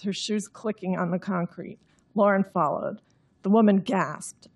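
Understated, husky-voiced woman author. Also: mid-range voice, unhurried, a little mellow. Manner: understated and droll. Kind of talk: reading her novel aloud, then explaining.

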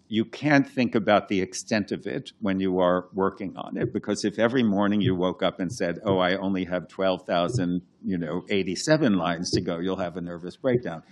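A man with a fairly low voice explains his translation work off the cuff. He talks in stops and starts, filling gaps with "uh" and "you know", and now and then hums out the beat of a line of verse. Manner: explains slowly with many restarts and fillers, hums out verse rhythms. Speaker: classicist and translator. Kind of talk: unscripted talk.

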